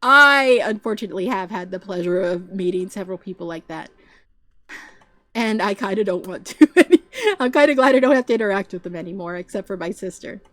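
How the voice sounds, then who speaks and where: A woman streamer telling stories in a casual, animated chat, often acting out the voices of the people she quotes. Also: medium pitch, fairly quick, no room sound. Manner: animated, puts on voices when quoting people; chatty, frequent fillers and restarts. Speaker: VTuber streamer.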